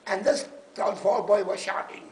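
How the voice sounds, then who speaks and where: A South African man in his sixties, a rugby supporter telling stories in a loud, booming, excitable way. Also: moderate pace, echoey room. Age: 60s. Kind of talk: animated storytelling.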